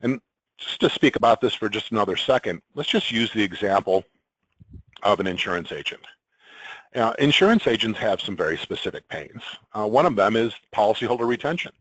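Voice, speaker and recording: Male consultant, lowish voice, measured business talk, dry close sound. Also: lively intonation, fairly bright tone, no room sound, poor audio. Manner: measured, explanatory, with occasional ums and throat-clearing. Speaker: sales and marketing consultant presenting. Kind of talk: business presentation.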